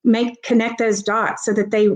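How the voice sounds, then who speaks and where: A woman's voice: a little high, little pitch movement, normal speed, low-quality recording. A woman guest expert explaining child reading development in a live-streamed talk, acting out examples with her voice. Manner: explanatory, demonstrates examples with vocal emphasis. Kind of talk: live-streamed talk giving parenting advice.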